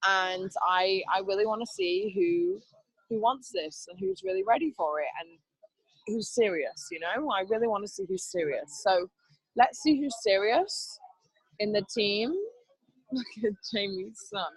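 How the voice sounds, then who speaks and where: A woman's voice: mid-range voice, sing-song, a little slow, creaky, slightly rough, no echo, rough recording. A woman leading a team training over a video call, upbeat and chatty, laughing often. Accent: not Canadian. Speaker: team leader.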